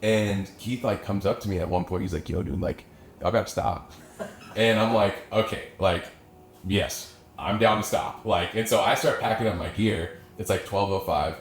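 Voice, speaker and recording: Rambling low-voiced man telling a story. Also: normal speed, slight background noise. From Austin area. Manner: rambling, swears often, lots of "like" and "dude". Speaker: guest musician. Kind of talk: casual storytelling. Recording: echoey room, faint background ambience.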